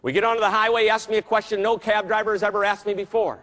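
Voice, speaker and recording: A man giving a speech, telling a story in a playful, animated way. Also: sits high, rapid-fire. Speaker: keynote speaker. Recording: long reverb of a hall.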